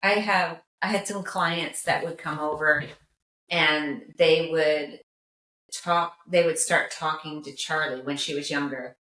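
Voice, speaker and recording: A woman joining a casual podcast chat in a playful, lively way. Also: low voice, a little slow. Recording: roomy room with faint noise.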